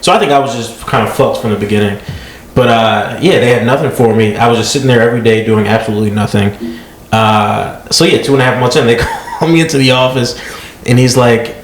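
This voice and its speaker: A man's voice: medium pitch, brisk, reverberant, a little hiss or hum, low-quality recording. A man co-hosting a comedy podcast, chatting casually with blunt, swearing reactions. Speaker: podcast co-host. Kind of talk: casual chat.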